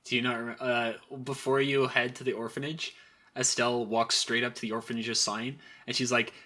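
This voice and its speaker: A man's voice: medium pitch, level tone, moderate pace, sharp tone. A young man co-hosting a casual podcast chat, laughing often as he retells scenes. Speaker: podcast co-host.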